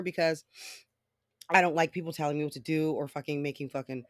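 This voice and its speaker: Podcaster going off solo, cussing a ton, rambling story mode, mid pitch, dry close sound. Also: brisk, dry recording. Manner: swears freely, rambling storytelling. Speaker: podcast host. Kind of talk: casual solo podcast monologue.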